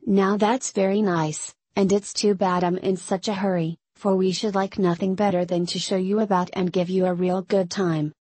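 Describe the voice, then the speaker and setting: A jolly, kindly old Santa Claus in a storybook read-aloud, voiced by a woman, hearty and rollicking in manner. The voice is husky and middle in pitch, heard dry and close with no room sound. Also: little pitch movement, moderate pace, hardly any pauses, mellow, dry recording, close to an everyday voice. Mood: kindly, hurried.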